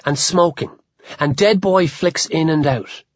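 A man reading an audiobook, expressive and giving each character a voice. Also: a little high, unhurried, no echo. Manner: expressive, voicing many characters. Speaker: narrator. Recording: slightly dull recording.

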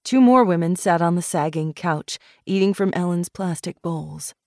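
Woman narrator, audiobook reading, low voice, measured and expressive, dry close mic. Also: dry recording. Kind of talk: scripted narration.

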